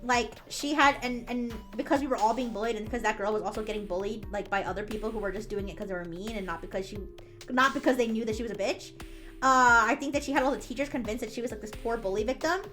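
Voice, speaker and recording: High bright-voiced woman streamer. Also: quick pace, faint music behind. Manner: rambling, swears freely, restarts often. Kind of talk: casual storytelling.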